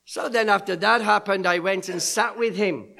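A man's voice: sits high, moderate pace, gravelly, sharp tone. A middle-aged man preaching, telling stories and acting out the voices of people he quotes. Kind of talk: sermon storytelling.

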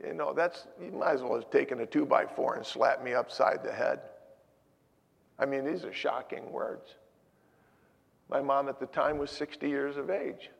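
Gravelly-voiced pastor preaching in a hall. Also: male voice, medium pitch, fairly even intonation, moderate pace. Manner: emphatic preaching that drops to soft personal storytelling. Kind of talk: sermon.

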